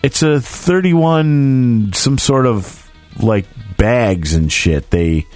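A man's voice: medium pitch, drawn-out words, darkish tone, faint music behind. A middle-aged man telling a rambling, profane, self-mocking anecdote in casual chat. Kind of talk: casual storytelling.

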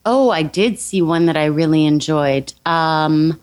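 A woman's voice: low-pitched, unhurried. A woman with a Canadian accent, chatting as a guest and often stammering, on a line with clicks and background hiss. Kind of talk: casual chat.

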